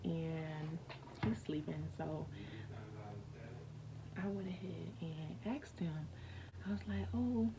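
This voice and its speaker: A woman's voice: sits low, fairly even intonation, slow, creaky, long pauses, noisy background. A young woman vlogger telling a personal story in a rambling, casual way, full of fillers and restarts.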